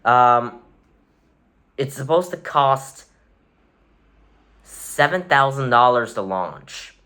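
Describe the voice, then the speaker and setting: Male vlogger, middle-pitched voice, casual and rambling, sarcastic throwaway asides, self-correcting. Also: lively intonation, drawn-out words, bright, forceful tone. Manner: wry, offhand, sarcastic asides. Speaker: vlogger rating rockets. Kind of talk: casual tier-list commentary.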